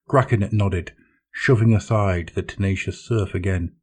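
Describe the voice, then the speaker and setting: A man narrating dramatic science fiction in a measured storytelling manner. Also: low-pitched, husky.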